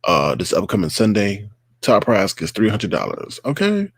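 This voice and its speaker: A man's voice: fairly low pitch, wildly swooping pitch, normal speed, slightly rough, dry recording, clean studio sound. A man hosting a casual live online show, ranting and mocking the people he talks about, recorded on a computer mic. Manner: ranting, mocking impressions of others. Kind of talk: casual livestream commentary.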